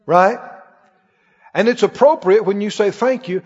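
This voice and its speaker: A middle-aged man preaching a sermon as pastor, emphatic and animated, with sudden exclamations. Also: sits high, measured pace, husky. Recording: dull recording with long hall reverb.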